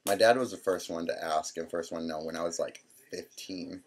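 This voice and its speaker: Young man in his twenties, deep low voice, casual rambling storyteller, lots of quoted dialogue. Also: brisk. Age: 20s. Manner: rambling, full of "I'm like" quotes. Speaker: vlogger.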